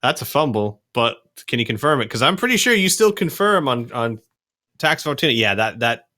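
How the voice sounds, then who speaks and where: Animated game master with a bright voice. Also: male voice, mid-range voice. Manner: lively, laughs often, quick rules talk. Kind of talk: narrating a tabletop game. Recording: home podcast recording.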